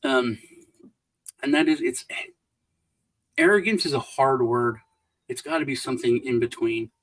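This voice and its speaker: A middle-aged co-host with an average-pitched voice rambles unhurriedly through casual livestream conversation, restarting sentences and trailing off as he tells stories. The recording is rough.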